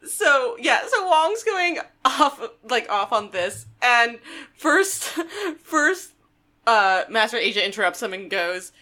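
A woman with a fairly high, bright voice that swoops a lot as she talks. She chats about an anime with friends, giggly and playful, often laughing through her lines. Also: sing-song, takes it slowly. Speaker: podcast co-host. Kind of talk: casual chat recapping an anime.

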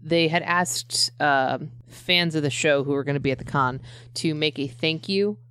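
A woman's voice: sits low, moderate pace, a bit bright, clear, resonant tone, dry recording. A woman in her thirties chatting casually as a podcast co-host, rambling with many fillers and restarts. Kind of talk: casual chat.

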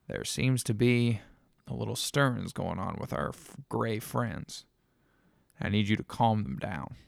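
A man's voice: fairly low pitch, a little slow, vocal fry, no room sound, studio quality. A man voicing a menacing, commanding male council leader in a spoken story, snapping orders.

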